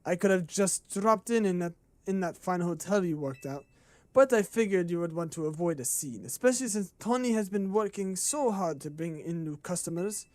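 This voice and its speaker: A man voicing a male gangster caller with a put-on French accent, speaking slowly with polite menace. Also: high voice, lively intonation, dry recording, pitched below the performer's own voice. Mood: silky menace. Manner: slow, silky, threatening politeness. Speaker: streamer voicing game dialogue.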